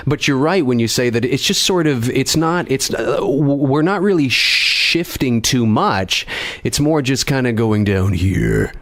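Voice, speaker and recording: A man's voice: mid-range voice, lively intonation, a little slow, a bit bright. Easygoing man co-hosting a podcast. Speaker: podcast co-host. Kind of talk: casual podcast chat.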